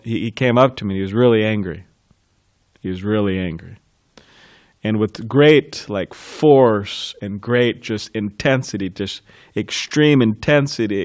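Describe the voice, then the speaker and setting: A man giving a devotional class, recounting a memory with frequent chuckles and halting restarts. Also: on the low side, no echo, studio quality. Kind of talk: reminiscing in a scripture class.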